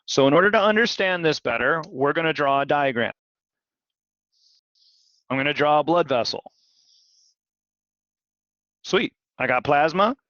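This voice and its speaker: A man teaching physiology in a live online lecture, animated and questioning, repeating key words. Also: on the high side, gravelly, dry recording. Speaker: physiology instructor. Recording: dull, dry video-call audio.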